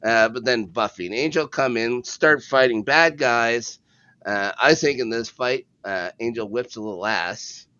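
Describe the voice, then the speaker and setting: A man's voice: medium pitch, measured pace, bright, forceful tone, smooth, dry recording, lo-fi sound. A man co-hosting a podcast, casually recapping a TV episode in a laid-back, rambling way with a chuckle now and then. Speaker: podcast co-host.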